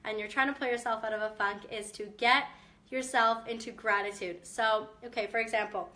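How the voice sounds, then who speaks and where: A woman's voice: fairly high pitch, fairly even intonation, a little fast, bright, forceful tone. A young woman, a mom with a chest cough, giving casual, upbeat motivational talk to her viewers with direct encouragement. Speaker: mom vlogger.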